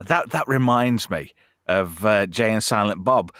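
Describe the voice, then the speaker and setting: A man's voice: fairly low pitch, measured pace, a bit bright, dry recording, studio quality. A man with an English accent hosting a live stream, swearing freely and reading chat comments aloud in casual banter. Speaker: show host.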